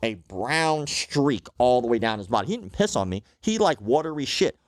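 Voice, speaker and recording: A man who is a guest on a podcast, telling stories in an animated way and acting out the quotes. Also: mid-range voice, moderate pace, no room sound. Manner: animated storyteller, acts out quotes. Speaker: podcast guest, martial arts instructor. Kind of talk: casual podcast chat.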